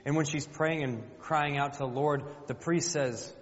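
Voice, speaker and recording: A man's voice: fairly high pitch, steady tone, moderate pace. A man preaching a sermon in a conversational way, often putting questions to his congregation. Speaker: pastor. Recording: dull sound with long hall reverb.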